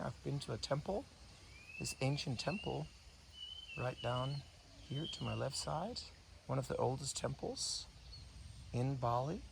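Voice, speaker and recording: Man, gravelly, hushed commentary, thinking aloud, outdoors, insect and bird noise behind. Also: mid-range voice, moderate pace. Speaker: breathing coach filming wildlife. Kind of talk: unscripted nature commentary while filming. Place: outdoors on a morning walk near a temple. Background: insects and birds.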